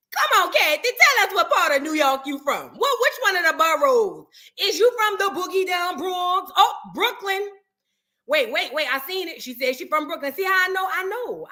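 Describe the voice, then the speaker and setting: A woman from New Orleans with a New Orleans accent, hosting a reaction show in animated, chatty and profane talk with her viewers. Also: extremely high pitch. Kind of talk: casual reaction chat.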